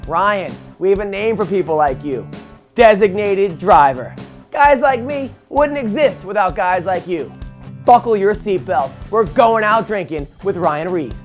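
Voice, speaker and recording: A woman's voice: mid-range voice, lively intonation, measured pace. Lady announcer doing a teasing promo, some music under it. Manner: punchy, teasing promo read. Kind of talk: scripted show announcing.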